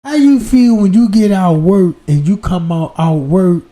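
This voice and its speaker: A man hosting a livestream, telling a crude comic story in an animated rant that jumps between loud outbursts and low muttered asides. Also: a little slow. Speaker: livestream host. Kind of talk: profane comedic storytelling rant.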